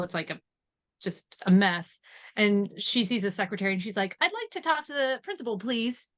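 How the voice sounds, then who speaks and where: A woman from West Virginia chatting as a podcast guest, telling stories with frequent laughs. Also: mid-range voice. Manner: giggly, lively storytelling. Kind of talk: casual chat.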